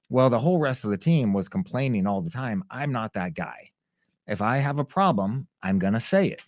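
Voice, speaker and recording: Here a man who used to fight tells a lively story on a podcast at a normal pace, his pitch medium, voicing the characters and their shouts as he goes. The recording is dry and conversational.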